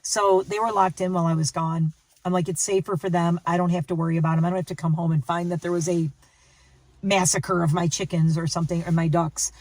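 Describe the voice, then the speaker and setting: A woman's voice: lowish voice, level tone, a little fast, a little mellow, no room sound, distant mic, low-quality recording. Tired, chatty woman vlogger. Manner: rambling, chatty, self-correcting. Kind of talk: casual chat to camera. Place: outdoors and in a car, rainy day.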